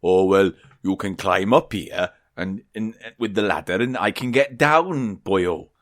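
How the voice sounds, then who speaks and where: A man voicing a gruff male whale in a low, slow, put-on mock Welsh accent. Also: a bit bright, dry recording, clean studio sound. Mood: folksy.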